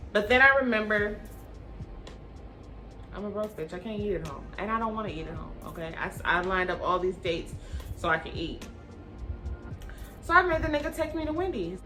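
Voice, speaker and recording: Bright, blunt woman telling a story. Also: mid-range voice, moderate pace, pauses often, faint music behind. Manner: blunt, animated storytelling with swearing and slang. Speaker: vlogger. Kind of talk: storytime chat to camera.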